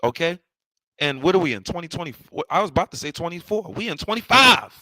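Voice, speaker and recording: A man's voice: fairly high pitch, very animated, fast talker, pushed and bright, dry recording, low-quality recording. A man hosting a livestream, ranting confrontationally and repeating himself. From New York City. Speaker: online show host. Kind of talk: heated livestream rant.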